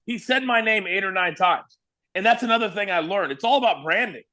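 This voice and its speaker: Brisk and high-voiced, a former wrestling broadcaster from Kansas, USA, tells stories as an interview guest. The talk is casual, and he animatedly acts out the quotes.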